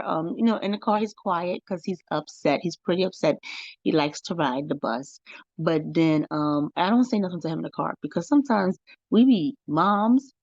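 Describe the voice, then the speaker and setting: A woman's voice: fairly low pitch, darkish tone, dry recording, highs cut off. A woman hosting a podcast, telling a parenting story in a casual, chatty way, often checking in with "right?" and "you know". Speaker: podcast host.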